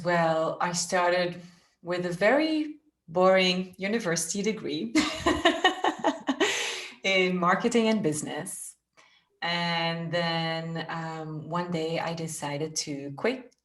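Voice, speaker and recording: A woman from Belgium talks as a podcast guest, her French accent clear in each word. Her voice sits low and soothing. The room gives back a roomy echo. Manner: soft, soothing, laughs often. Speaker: guest, spiritual business mentor. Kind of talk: podcast interview.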